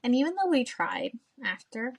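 A woman's voice: a little high, big pitch swings, normal speed, slightly rough. A woman hosting a podcast, telling a personal story in casual chat. She speaks candidly, swears freely and acts out her own past remarks. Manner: candid, swears freely, tells stories with quoted asides. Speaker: podcast host.

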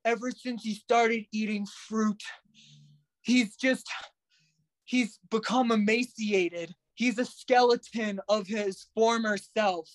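A man's voice: high voice, steady tone, slow, no echo. A man imitating his brother as a whiny man acting emotional and pleading. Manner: mock-tearful, pleading.

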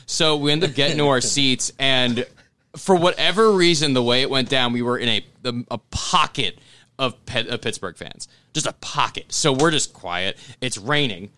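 A man telling a story in casual chat with friends, animated and cursing often. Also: mid-range voice, normal speed, no echo. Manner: animated, swears a lot, laughs through the story.

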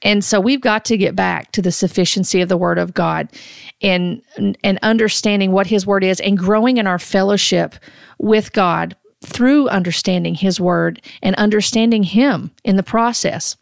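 A middle-aged woman gives earnest, deliberate commentary, often stopping to restart a sentence. Her voice sits at a middle pitch with a gravelly, creaky texture. The sound is dry and close, with no room around it. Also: dry recording. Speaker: host. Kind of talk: critical commentary on prophecy videos.

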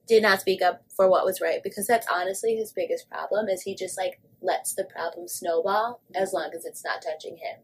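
Chatty, husky woman podcaster. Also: lowish voice, fairly even intonation, moderate pace, hardly any pauses. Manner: chatty, filler-heavy, swears freely. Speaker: podcast co-host. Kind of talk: casual pop-culture chat.

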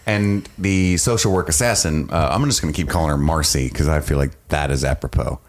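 A man's voice: a bass voice, a little fast. A man co-hosting a podcast, recapping a show in casual, joking chat and acting out scenes. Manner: animated, joking, acts out scenes. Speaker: podcast co-host.

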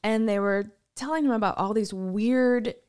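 A woman's voice: medium pitch, moderate pace, a little mellow, clear, resonant tone. Rambling woman in casual chat. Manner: rambling, full of fillers and restarts, swears casually. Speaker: podcast co-host.

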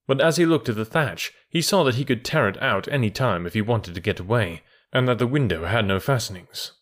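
A man reading a classic storybook aloud in a calm, measured way. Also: mid-range voice. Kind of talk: storybook narration.

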